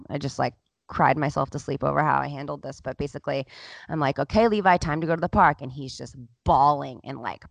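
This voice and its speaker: Low-voiced mom telling a story candidly. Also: female voice, vocal fry, no room sound. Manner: candid, emotional, heavy use of "like". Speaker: podcast host. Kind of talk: casual storytelling chat.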